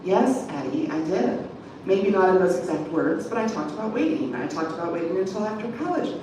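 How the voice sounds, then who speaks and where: A woman's voice: lowish voice, lively intonation, fairly quick, close to an everyday voice. A woman voicing an upset young man, echoey. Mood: defensive. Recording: echoey room from far off, background noise.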